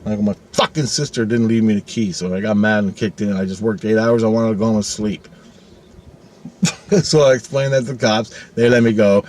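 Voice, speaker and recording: Profane, animated storytelling man, low voice. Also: normal speed. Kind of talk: casual storytelling.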